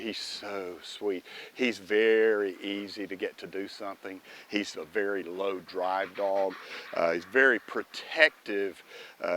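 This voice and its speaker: A man's voice: fairly low pitch, a bit bright, a little hiss or hum. A man and dog trainer giving a casual lesson, talking to his dog as he teaches. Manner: folksy, talks directly to his dog while teaching. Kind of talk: casual instructional video.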